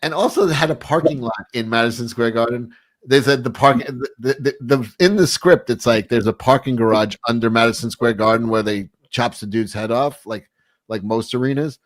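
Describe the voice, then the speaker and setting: A man's voice: medium pitch, brisk. A man telling rambling, profane stories in casual livestream banter.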